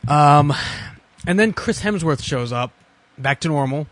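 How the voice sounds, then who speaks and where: A man's voice: on the high side, animated, a little slow, a bit bright, no room sound. Sardonic, rambling man reviewing a movie. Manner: rambling, sardonic, profane, with many restarts. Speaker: podcast co-host. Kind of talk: casual movie review chat.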